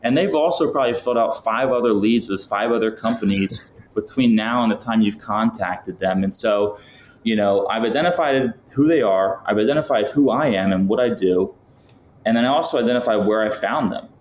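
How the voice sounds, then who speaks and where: A Florida man appears as a podcast guest and business founder, chatting casually with plenty of fillers and acting out sample phone calls. His voice is fairly low and a little fast. The recording sounds roomy, with slight background noise and faint ambience.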